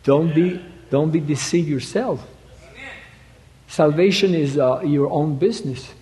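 Male preacher. Halting, stop-start delivery with emphatic peaks. Slightly raised pitch, echoing hall. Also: mellow. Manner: halting, repeats words, rises to emphatic quoting. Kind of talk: sermon. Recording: reverberant hall.

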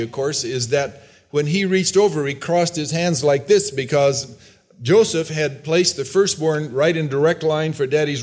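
A man's voice: fairly high pitch, a little mellow. Man preaching through scripture verses. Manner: reads Bible verses aloud and briefly acts out characters' lines; loose, conversational with restarts. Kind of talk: sermon with scripture reading.

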